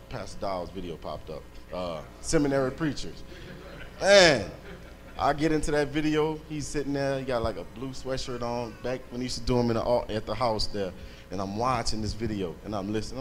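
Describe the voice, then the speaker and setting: Brief: man, mid-pitched, fervent church testimony, emphatic and thankful, faint noise behind. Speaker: congregation member giving testimony. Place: church service.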